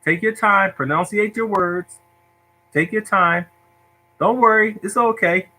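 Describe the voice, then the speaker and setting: A man voicing a patient female schoolteacher who speaks in a slow, soothing way. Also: high voice, pushed and bright, voice pushed up, exaggerated voice, rough recording. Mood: coaxing.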